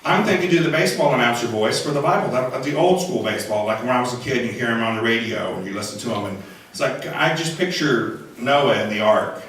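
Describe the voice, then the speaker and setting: A hoarse man with a cold doing chatty, self-mocking stand-up comedy on a conference stage. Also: medium pitch, fast talker, a bit bright, a little hiss or hum. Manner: chatty, self-mocking, slips into funny voices. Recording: echoey hall from far off.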